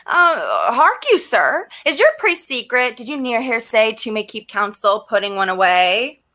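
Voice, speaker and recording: A woman's voice: on the high side, very animated, unhurried, bright, forceful tone, heavily acted. A woman playing a garrulous old nurse in a Shakespearean stage drama, rambling and theatrical. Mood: chatty. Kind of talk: Shakespearean stage acting over video call.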